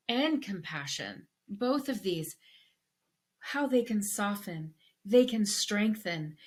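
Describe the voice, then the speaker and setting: A woman co-hosting a podcast, telling stories in a casual, animated way with frequent restarts. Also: on the high side. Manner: animated storyteller with many restarts. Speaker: podcast co-host. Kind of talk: casual conversation.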